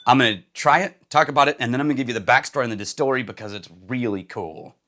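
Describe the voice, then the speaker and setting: A middle-aged man hosting a casual whisky review, chatty and quick to laugh, with rambling asides. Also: medium pitch, pushed and bright.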